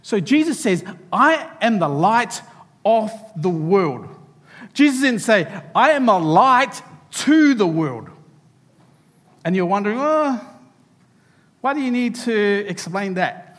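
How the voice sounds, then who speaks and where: A man's voice: sits high, sing-song, slow, pauses often, fairly bright tone, big-room sound. A man preaching a sermon to a church, speaking animatedly and turning to the children directly. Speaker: pastor. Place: church hall.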